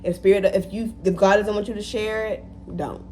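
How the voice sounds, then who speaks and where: Woman vlogger, animated motivational talk, repeats lines for emphasis, faint hum behind. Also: mid-range voice, normal speed. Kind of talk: casual motivational talk to camera.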